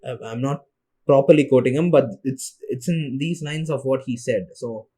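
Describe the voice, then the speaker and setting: A man's voice: mid-range voice, normal speed, dark tone, husky. A young man whose first language is Tamil, hosting a solo podcast and rambling on tiredly, with many restarts. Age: young adult. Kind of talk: casual monologue.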